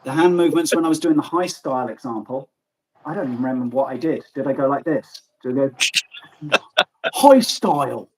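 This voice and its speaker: A man from Germany hosting a casual livestream chat, animated and joking, who swears freely. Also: mid-range voice, quick pace, slight background noise, low-quality recording. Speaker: livestream host.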